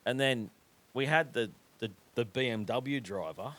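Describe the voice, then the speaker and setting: A man's voice: medium pitch, measured pace. A man with an Australian accent hosting a podcast, telling a rambling, swear-heavy story in casual chat. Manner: swears constantly, animated, drops into quoted voices. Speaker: podcast host.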